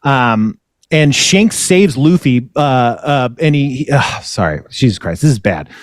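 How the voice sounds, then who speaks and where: A man's voice: medium pitch, expressive, a little slow, dry recording, clean studio sound. A man hosting a podcast, retelling a story in a rambling way and correcting himself often. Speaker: podcast host. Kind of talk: casual chat.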